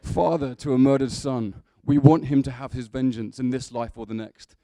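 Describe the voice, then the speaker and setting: A grim Roman general swearing vengeance, as a preacher puts him on, in a booming, declaiming film-hero voice. The tone is dark and gravelly, a little higher than a typical male voice, in a dry, close sound. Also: fairly even intonation, moderate pace, no echo, close to an everyday voice. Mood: vengeful. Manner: loud, declaiming film impression.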